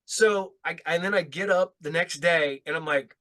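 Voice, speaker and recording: A man's voice: a little high, moderate pace, fairly bright tone. A middle-aged man telling a laid-back, profane anecdote in a casual podcast chat.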